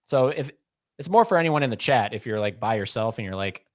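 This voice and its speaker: A man's voice: medium pitch, very animated, brisk, no room sound. Man, 30s, livestream co-host, casual comment reading, teasing, rambling, dry sound. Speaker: podcast co-host.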